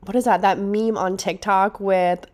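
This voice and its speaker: A woman's voice: medium pitch, steady tone, a little slow, darkish tone. A young woman hosting her own podcast, talking in a chatty, enthusiastic way while stuffy from a cold. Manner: chatty and enthusiastic, with frequent restarts. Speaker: podcast host. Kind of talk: casual solo podcast monologue.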